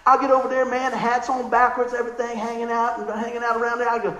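A man preaching a sermon in an animated, conversational way, telling stories and asking the crowd questions. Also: extremely high pitch, quick pace, hardly any pauses, reverberant, low-quality recording. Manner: animated, excitable storytelling.

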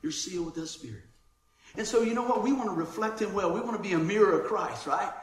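A man's voice: high-pitched, fast talker, slight background noise. A man preaching a sermon in a church, casual and chatty, calling listeners man and bro. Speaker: pastor. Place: church sanctuary. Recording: roomy church echo.

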